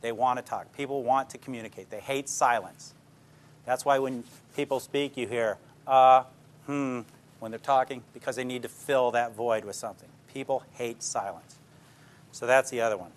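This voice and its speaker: A man's voice: mid-range voice, fairly even intonation, moderate pace. An older man, a police detective, giving an informal talk to a live audience, plainspoken and full of anecdotes that he checks in on with his listeners. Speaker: police detective speaking to a class.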